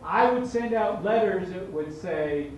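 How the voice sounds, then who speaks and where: A man's voice: high-pitched, animated, unhurried, lo-fi sound. A man giving a motivational seminar talk to a live audience, telling stories with humor and acting out the dialogue. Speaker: motivational speaker. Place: large event room. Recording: echoey hall from far off with faint noise.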